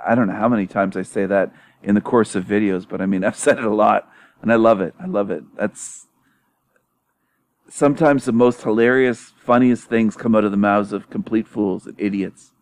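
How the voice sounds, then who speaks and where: A man hosting his own video channel in a casual monologue, mocking his critics with frequent laughter, swearing and emphatic repetition. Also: on the low side. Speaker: YouTube channel host.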